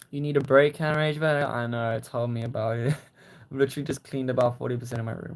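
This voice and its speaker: A young man hosting a casual livestream, reading viewer comments and gently encouraging them. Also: mid-range voice, fairly even intonation, moderate pace. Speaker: livestream host.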